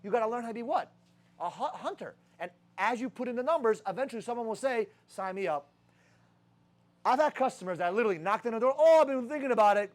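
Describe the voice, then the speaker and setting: A man's voice: high-pitched, animated, quick pace. A young man leading a sales team, giving a profane motivational talk full of rhetorical questions. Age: young adult. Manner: rhetorical questions, heavy swearing.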